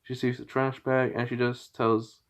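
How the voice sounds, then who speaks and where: A man casually retelling a fan-fiction story in a rambling, halting way, with lots of fillers and restarts. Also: mid-range voice, little pitch movement.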